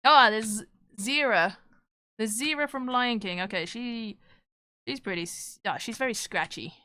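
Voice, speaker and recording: A woman streamer talking casually to her chat, joking and quick to put herself down. Her voice is bright, clear and somewhat high. The sound is close and dry from a desk mic. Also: no echo. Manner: chatty and self-deprecating, reacting to chat.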